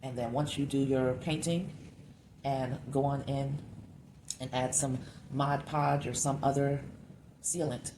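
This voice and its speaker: A very low-pitched woman with a slight lisp talks through her crafting in a relaxed, thinking-aloud way. The recording carries clear background noise from the room. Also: unhurried, long pauses. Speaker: craft vlogger. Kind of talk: casual crafting narration.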